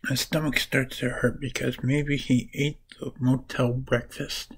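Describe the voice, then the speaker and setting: A man's voice: mid-range voice, level tone, unhurried, breathy edge, rough recording. A man casually summarizing comic books for his vlog, rambling and correcting himself as he goes. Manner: rambling, restarts and corrects names while summarizing. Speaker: comic book reviewer.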